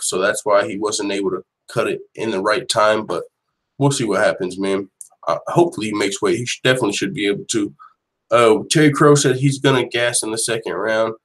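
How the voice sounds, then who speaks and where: Slangy man hosting a chatty MMA show. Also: on the low side. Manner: slangy and profane, reacting to viewer comments. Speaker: MMA news show host. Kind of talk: casual live-stream chat.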